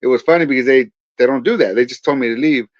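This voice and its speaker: A man's voice: medium pitch, quick pace, no echo. A man from California's Central Valley, a pastor and veteran, telling his story in a podcast interview and acting out the dialogue as he goes. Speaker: guest, pastor and Marine veteran. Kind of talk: personal testimony in a podcast interview. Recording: dull, dry podcast audio.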